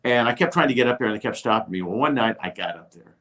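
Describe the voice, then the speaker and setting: An older man, a TV host appearing as a guest, telling a lively anecdote and acting out the people he quotes. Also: mid-range voice, fast talker. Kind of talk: storytelling anecdote.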